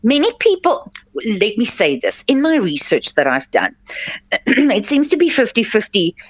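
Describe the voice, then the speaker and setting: A fairly high, very animated woman's voice moves a little slowly, recorded dry. She hosts a radio advice show as a life coach, earnestly teaching while stumbling through many fillers and restarts. Expect dull, lo-fi, dry audio from a radio studio.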